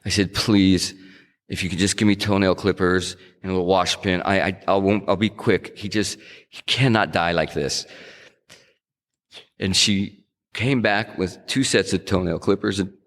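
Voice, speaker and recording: A middle-aged man from New England shares his testimony at a sobriety meeting, his voice sitting very low. He talks in an earnest, conversational way and often circles back to restart a sentence. The sound carries a long reverb, as if he were speaking in a meeting hall. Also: steady tone, normal speed, fairly bright tone.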